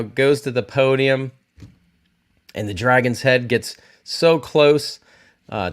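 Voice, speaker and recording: A man hosting a casual livestream, talking about TV episodes in a rambling, self-correcting way and reacting to viewers in the chat. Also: a little high. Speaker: YouTube host reviewing TV shows.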